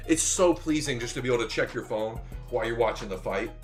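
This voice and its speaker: A man co-hosting a sports betting talk show, excitable, swearing and shouting as he gets hyped. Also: mid-range voice, fast, few pauses, faint music behind. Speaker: podcast co-host, betting analyst.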